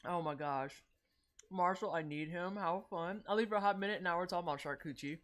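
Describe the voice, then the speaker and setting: A young woman streamer chatting casually while baking, animated and quick to swear, acting out little voices as she tells stories. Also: lowish voice. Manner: animated, swears freely, acts out characters in voices. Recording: faint music behind.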